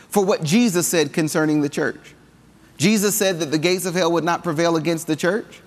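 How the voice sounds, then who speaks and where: A man from the American South with a Southern drawl, preaching a sermon in an animated, conversational way with humor and call-and-response. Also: on the high side, normal speed, a little hiss or hum. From Southern United States. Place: church sanctuary. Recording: long hall reverb.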